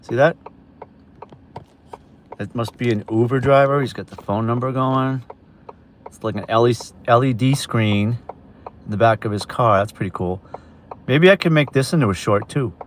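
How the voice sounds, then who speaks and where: A man's voice: medium pitch, moderate pace, pauses often, a little hiss or hum. A man from New York livestreaming as a delivery driver, chatting loosely with viewers from his car and a store on a phone camera. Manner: chatty, rambling, talks to chat viewers. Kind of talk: casual livestream chat.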